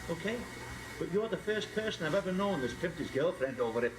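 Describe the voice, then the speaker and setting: An actor playing a blustery, defensive middle-aged farmer with a Scouse accent, in found-footage style. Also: male voice, a little high, expressive, fairly quick, close to an everyday voice. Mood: scoffing. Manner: blustery, defensive, calls people mate. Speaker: farmer guarding his cousin. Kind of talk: found-footage film acting. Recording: noisy handheld camera audio.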